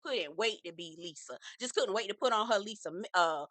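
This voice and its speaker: A woman's voice: medium pitch, lively intonation, brisk, a bit bright, dry recording. A woman casually recapping a reality TV episode in a sassy, profane, gossipy way, slipping into impressions of the cast. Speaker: reality TV reviewer.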